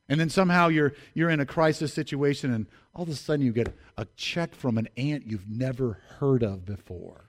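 A pastor preaching a sermon, emphatic, repeating key phrases and appealing directly to the congregation. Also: male voice, medium pitch, lively intonation, brisk.

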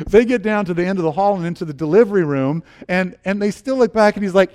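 Middle-aged pastor telling stories animatedly. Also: male voice, fast, few pauses. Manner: animated storyteller, acts out scenes with sudden high exclamations. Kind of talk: sermon with personal storytelling.

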